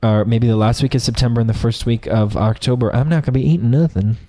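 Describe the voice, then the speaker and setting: A man's voice: mid-range voice, quick pace, dark tone. A man co-hosting a podcast, chatting in a playful, campy way and often slipping into silly voices. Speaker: podcast co-host. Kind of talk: casual chat.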